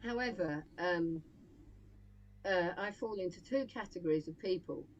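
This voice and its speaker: A woman's voice: fairly low pitch, normal speed, a little hiss or hum. A woman with an English accent, a folk singer leading a workshop, chatting hesitantly as she introduces songs. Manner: chatty, hesitant with many fillers. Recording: muffled lo-fi with instrument music.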